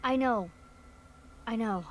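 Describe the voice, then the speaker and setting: An actress voicing an earnest young woman investigator in a video game, speaking slowly and sincerely. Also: on the high side. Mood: resolute. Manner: slow, earnest, pleading. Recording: game music under voice.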